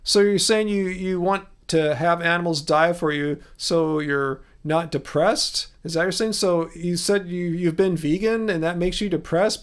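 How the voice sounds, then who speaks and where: Guy in his 40s on a livestream answering chat, earnest and questioning, voice a bit on the high side. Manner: earnest, questioning, conversational with many restarts. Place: home studio.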